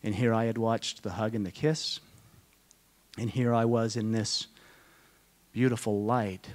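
A middle-aged man speaking to a conference audience, telling a personal story in a slow, halting, deeply emotional way, often dropping to a hush. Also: fairly even intonation. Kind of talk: personal testimony talk to an audience. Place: conference hall.

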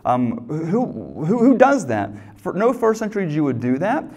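A man's voice: sits high, big pitch swings, normal speed, darkish tone. A man preaching a sermon as pastor, teaching in a conversational, emphatic way with rhetorical questions.

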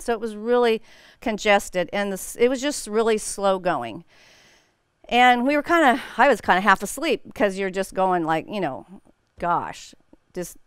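A woman's voice: mid-range voice, a bit bright, smooth, no echo, clean studio sound. A middle-aged woman teaching a women's Bible study, telling a personal story in a chatty way and laughing often.

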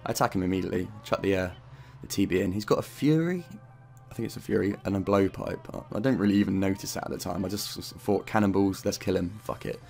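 Over soft background music, a man with a deep, warm voice and vocal fry talks fast while commenting on his own game footage. As a gaming YouTuber, he rambles casually, curses a lot and drops in fillers.

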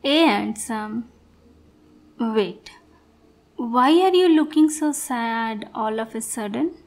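A soft, sweet and quietly controlling yandere young woman, as a woman acts her out in a whispered role-play. Her voice sits a little high and her words come slowly and deliberately, doting but possessive. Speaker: ASMR role-play performer.

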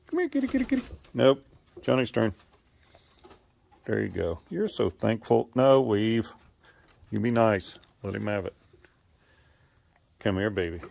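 A man talking to his animals outdoors, coaxing and teasing them, sometimes cussing and calling out in a high voice. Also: slow, creaky, long pauses, a little mellow. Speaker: animal keeper filming his pets. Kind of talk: casual running commentary to animals. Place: outdoors, rural.

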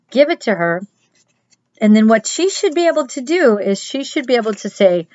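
A middle-aged woman, a children's pastor, giving a chatty crafts lesson and speaking straight to the children in a gentle way. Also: on the high side, lively intonation, moderate pace, no room sound, highs cut off.

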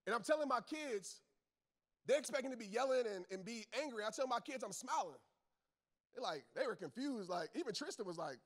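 A man's voice: high voice, expressive, moderate pace, pauses often. A man giving a motivational talk to a crowd, emphatic and preachy, repeating his key lines in casual slang. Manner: casual Southern slang, talks straight to the crowd. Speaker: motivational speaker; football coach, father. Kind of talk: motivational speech to a live audience.

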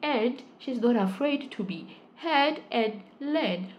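A woman vlogging to camera, chatting warmly and gushing to her viewers, calling them guys. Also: a little high, lively intonation, slow, slight background noise. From South Africa. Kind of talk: casual talk to camera.

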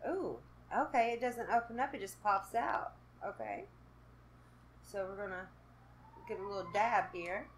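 A woman's voice: mid-range voice, a little hiss or hum. A woman from Kentucky, chatting to camera in a casual unboxing vlog, nervous and giggly. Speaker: vlogger doing an unboxing.

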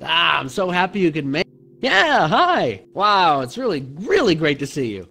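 Jittery, joking game host. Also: male voice, on the high side, wildly swooping pitch, normal speed, creaky, sharp tone, faint music behind, full character voice. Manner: jittery, deflects with forced jokes. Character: awkward joking husband and host. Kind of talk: video game dialogue.

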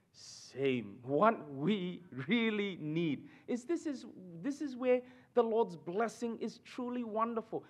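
A man preaching a sermon in church, emphatic and animated, often asking the congregation "right?" and dropping suddenly to a hush. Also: fairly high pitch. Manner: repeats and restarts phrases, addresses the congregation with "right?". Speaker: pastor.

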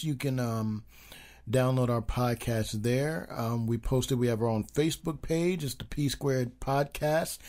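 A man's voice: medium pitch, darkish tone. Rambling man hosting a casual podcast. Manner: rambling, many ums, teasing. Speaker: podcast co-host.

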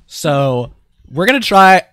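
A man's voice: on the high side, very animated, slow, sharp tone, smooth, dry recording. Dry-sounding young male podcast host. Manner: rambling, self-deprecating, trails off and restarts. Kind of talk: casual podcast chat.

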